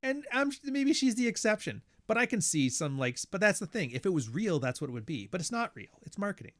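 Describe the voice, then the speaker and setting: A man hosting a podcast, talking in a blunt, profane, sardonic rant and slipping into quick impressions of other people as he tells stories. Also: sits high. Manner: animated, mimics others mid-story. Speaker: podcast host. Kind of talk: casual ranting monologue.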